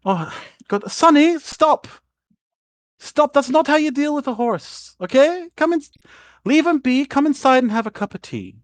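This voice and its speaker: A fussing giant farm mother, as a man puts her on, with a high, sing-song voice pitched well above his own. She dotes and scolds in the same breath, always mothering. The sound is dry and close. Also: lively intonation, unhurried, no echo. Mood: scolding.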